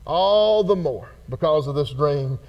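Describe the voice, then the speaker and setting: A pastor with a drawl teaches a church Bible study in a folksy, lively way, acting out the people in the story. His voice sits high for a man and keeps jumping up and down. It sounds like a church hall. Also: a little slow, lo-fi sound. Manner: folksy, animated, acts out characters.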